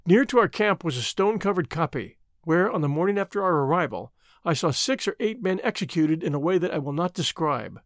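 A man narrating an adventure novel as an audiobook in an expressive, measured storytelling manner. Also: on the high side, no room sound, studio quality.

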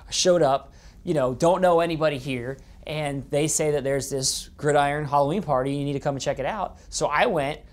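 A man's voice: on the high side, fairly quick. A young man co-hosting a team podcast in casual chat, laughing easily and teasing his co-host.

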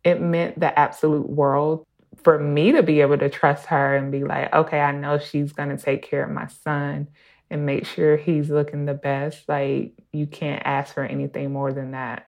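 A woman's voice: low-pitched, level tone, moderate pace, creaky, darkish tone. A mother in her thirties telling a personal story in a casual, chatty way. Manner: casual, conversational, laughs while telling.

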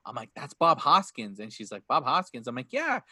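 Animated man, dry close sound. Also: mid-range voice, a little fast, dry recording. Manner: animated, acts out movie lines with laughs. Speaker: podcast co-host. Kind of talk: casual movie review chat.

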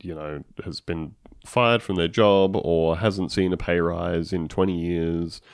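Podcast co-host, male, low register, dry booth sound, sarcastic riffing. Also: measured pace, clean tone, no echo. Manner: animated, sarcastic, acts out quotes. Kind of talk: casual political chat.

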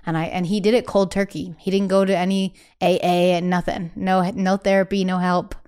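A young woman, a podcast guest, telling her own story candidly and acting out what family members said in quick bursts. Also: on the low side, flat delivery, a little mellow, smooth. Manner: acts out quoted family speech, breathless bursts.

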